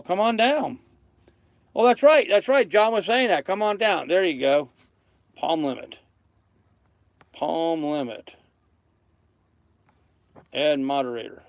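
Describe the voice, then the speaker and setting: A smooth, fairly high voice with no room sound belongs to a man in his thirties hosting a livestream from the cockpit of his sailboat. He chats casually, reads comments, and thanks his viewers by name.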